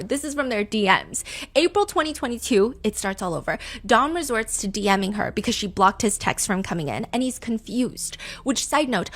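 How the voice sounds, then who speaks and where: Telling a true crime story as a podcast host, a woman narrates casually with emphatic, chatty delivery and plenty of asides. Her voice is a little high and a bit bright.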